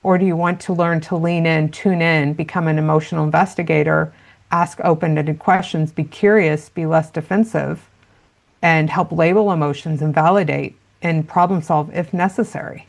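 A woman's voice: low-pitched, steady tone, moderate pace, vocal fry. A woman speaking as a parenting expert in an interview, explaining earnestly with frequent "you know" fillers. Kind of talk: interview conversation.

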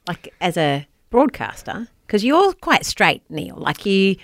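Woman co-host on morning radio, animated pitch, dry studio. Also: slow, vocal fry, dry recording. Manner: warm encouraging interjections. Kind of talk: casual radio chat.

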